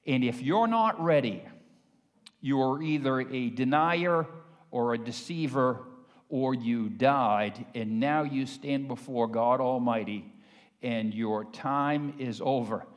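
An older man preaching a sermon as pastor, swinging between hushed, intimate passages and loud, fervent ones. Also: mid-range voice, takes it slowly. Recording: long hall reverb.

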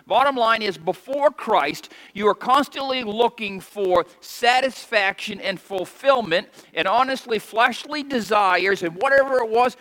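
A man's voice: sits high, lively intonation, unhurried, hardly any pauses, bright, forceful tone. A man preaching a sermon as pastor, reading scripture aloud and having the congregation repeat lines after him with emphatic delivery. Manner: reads scripture aloud in archaic wording. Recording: long hall reverb.

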